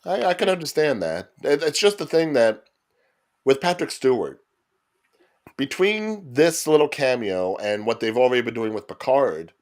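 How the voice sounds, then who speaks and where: A man with a mid-range voice co-hosting a relaxed podcast. He builds his questions slowly, stacking up hypotheticals as he goes. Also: mid-range voice. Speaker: podcast co-host. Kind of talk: casual chat.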